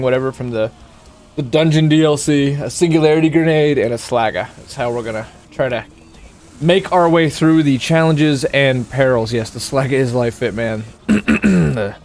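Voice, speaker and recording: A man's voice: mid-range voice, darkish tone. Chatty male game streamer. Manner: rambling, joking, chatty. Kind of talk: casual let's-play commentary.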